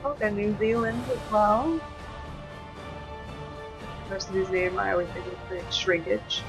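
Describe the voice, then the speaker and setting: A woman's voice: mid-range voice, a little slow, over music. A woman co-hosting a live stream, chatting and reading out viewer comments. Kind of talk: casual live-stream chat. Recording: dull lo-fi stream audio.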